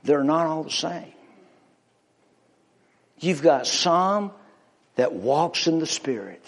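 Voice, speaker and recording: A man preaching a sermon with an emphatic, drawn-out pulpit delivery. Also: on the high side.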